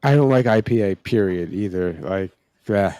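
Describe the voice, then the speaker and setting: A man co-hosting a podcast in casual chat, talking in an easygoing, halting way with fillers. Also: sits low, warm tone, dry recording. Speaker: podcast co-host.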